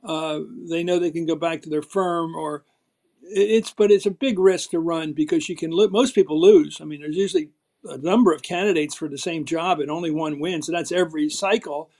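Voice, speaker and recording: A man's voice: a little high, fairly quick, a little mellow. An older man from Philadelphia with a Philadelphia accent, a guest in an interview, talking emphatically and telling stories, acting out the quotes he tells. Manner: emphatic, storytelling, acts out quotes. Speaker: guest, former TV political host. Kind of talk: animated interview talk.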